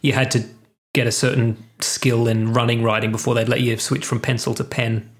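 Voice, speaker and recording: A man's voice: medium pitch, flat delivery, brisk. A man, co-hosting a casual podcast chat, joking and laughing easily. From Australia. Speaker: podcast co-host.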